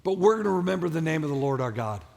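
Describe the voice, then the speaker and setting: High-voiced gravelly pastor preaching in a reverberant hall. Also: male voice, big pitch swings, very fast. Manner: preaching with call-and-response to the congregation; emphatic, repetitive, shouted peaks. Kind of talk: sermon. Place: large church auditorium. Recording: long hall reverb of a church auditorium.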